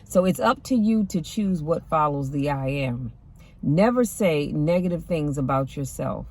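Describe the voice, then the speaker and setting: A woman's voice: low-pitched, animated, unhurried, darkish tone, slightly rough. A woman host giving an encouraging faith talk, speaking in an exhorting, preachy way. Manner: preachy, exhorting, calls out "come on now". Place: parked car.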